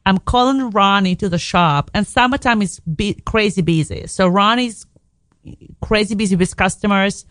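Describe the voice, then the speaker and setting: A woman talks candidly on a radio show, frank and emotional, dropping the odd swear word and restarting her sentences as she goes. Her voice sits at a middle pitch for a woman. The studio sound is dry and close. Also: normal speed, fairly bright tone, no echo. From Belarus. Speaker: radio guest. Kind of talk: candid personal storytelling.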